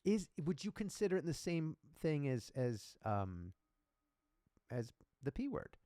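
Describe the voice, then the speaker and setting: A man's voice: a little high, very animated, a little slow, dark tone, dry recording, studio quality. A man co-hosting a casual podcast chat, pressing his partner with pointed questions. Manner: probing, pushes with questions. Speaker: podcast co-host.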